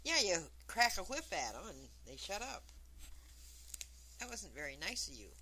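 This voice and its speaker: A woman's voice: lowish voice, sing-song, moderate pace, crowd noise, rough recording. A woman co-hosting a talk show, teasing her partner in casual banter. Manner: teasing, wisecracking.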